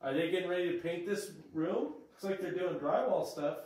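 Guy ghost hunting, asks spirits stuff out loud, big room echo, mic kinda far off. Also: sits high, expressive, normal speed. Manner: asks questions aloud to spirits. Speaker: paranormal investigator. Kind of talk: ghost-hunting vlog chatter. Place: rooms of an old building under renovation. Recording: echoey room, mic at a distance.

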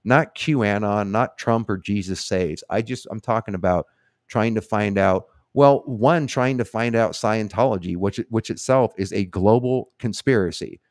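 A middle-aged man talking casually on a live stream, his voice fairly low and close up. He rambles at length, swears freely and leans hard on his points, all in a dry room with no echo. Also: measured pace, a little mellow. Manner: rambling, profane, emphatic.

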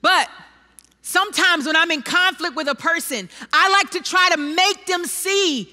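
A woman preacher giving a sermon in a large church, animated and self-deprecating, with dramatic scripture readings. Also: very high voice, unhurried. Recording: long reverb of a large hall.

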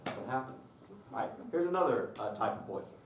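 At a conference workshop on children's singing, a male choir director talks in a lively, fairly quick way, breaking into high falsetto to imitate children during sung demonstrations. The conference-room recording sounds roomy and distant, with faint noise.

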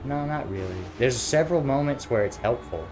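A man's voice: medium pitch, expressive, a little fast, over music. A man watching a friend play a video game, giving tips and teasing him in casual chat. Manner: coaching, teasing, chatty. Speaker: co-host giving gameplay advice. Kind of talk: casual let's play banter.

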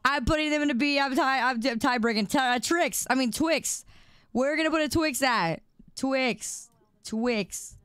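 A woman's voice: high voice, unhurried, fairly bright tone, clean tone, dry recording, clean studio sound. A woman streamer chatting playfully with her viewers, repeating words in a sing-song drawl. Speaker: livestreamer. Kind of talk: casual live-stream chat.

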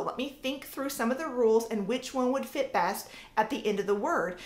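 A woman's voice: fairly high pitch, reverberant. A woman in her thirties, a homeschooling mother, casually explaining how to teach reading with sounded-out examples. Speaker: homeschool mom and educator. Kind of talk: casual teaching talk to camera.

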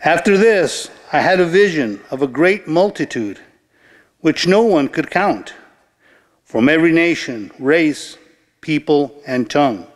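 A man reading scripture aloud at Mass, slow, measured and solemn. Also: a little high, animated. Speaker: lector. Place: large church. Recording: church with long reverb.

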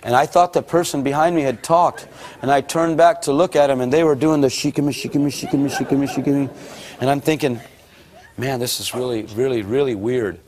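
A middle-aged man preaching, telling his conversion story in an animated way and acting out the voices he quotes. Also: medium pitch, fairly quick. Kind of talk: sermon testimony.

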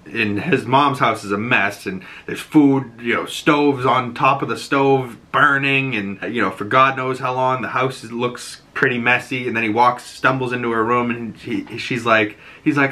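Boston podcast host, male, bright and forward voice, loose rambling recap with quoted voices. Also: medium pitch, moderate pace. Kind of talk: casual episode breakdown.

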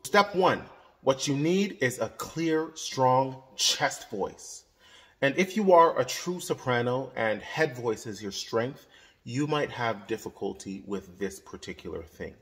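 A man's voice: medium pitch, lively intonation, unhurried, fairly bright tone. A man teaching a singing lesson as a voice coach, explaining exercises and demonstrating vowels. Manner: instructive, demonstrating sung vowels and yodels.

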